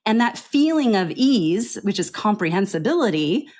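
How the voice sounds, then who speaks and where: A woman giving a podcast interview as a pronunciation coach, explaining her work earnestly and often checking in with a quick "right?". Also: mid-range voice, sing-song, darkish tone.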